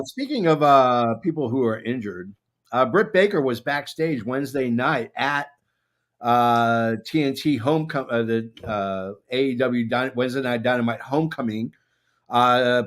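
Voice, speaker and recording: A man hosting a casual chat show, rambling along with many filler pauses. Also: medium pitch. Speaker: podcast host.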